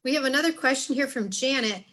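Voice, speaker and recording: High-voiced woman moderating a webinar. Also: quick pace, fairly bright tone. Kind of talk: reading audience questions.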